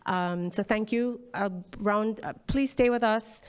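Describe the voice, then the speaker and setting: A woman's voice: mid-range voice, unhurried, clean tone. A woman organizer introducing a poetry session at a live event, speaking informally and a little hesitantly with fillers. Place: live literary event venue.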